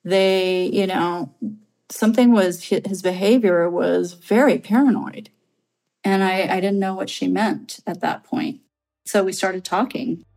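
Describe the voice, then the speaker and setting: Woman, late thirties, podcast guest, earnest, rambling, fillers and restarts, medium pitch. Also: unhurried, darkish tone, poor audio. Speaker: podcast guest telling her story. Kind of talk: personal storytelling.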